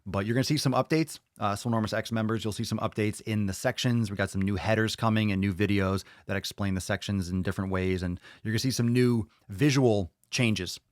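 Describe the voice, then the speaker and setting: A man's voice: on the low side, steady tone, brisk, few pauses, no room sound, clean studio sound. A man hosting a podcast, chatting casually and bluntly, swearing freely as he reads viewer comments aloud and reacts to them. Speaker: podcast host.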